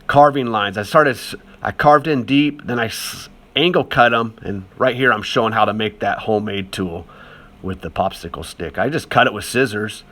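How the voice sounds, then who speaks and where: A man's voice: lowish voice, fairly bright tone. Chatty man teaching art. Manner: chatty and encouraging, lots of fillers. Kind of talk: casual voice-over demonstration.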